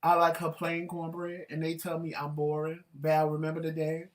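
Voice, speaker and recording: A woman co-hosting a casual chat show, telling stories in an animated, outspoken way. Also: low voice, normal speed, distant mic. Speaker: talk show co-host.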